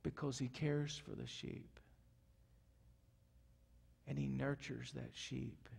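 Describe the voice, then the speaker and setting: A male pastor preaching a sermon earnestly, moving from loud urgency to soft, hushed passages. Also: medium pitch, level tone, takes it slowly, creaky, husky. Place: church sanctuary. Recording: echoey church hall.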